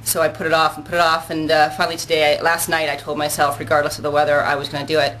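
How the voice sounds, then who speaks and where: A woman's voice: deep voice, level tone, very fast, fairly bright tone, a little hiss or hum, poor audio. Chatty woman vlogging on her balcony. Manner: chatty, rambling, laughs often. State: out of breath and sweaty after a workout. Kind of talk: casual fitness vlog. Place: outdoor balcony.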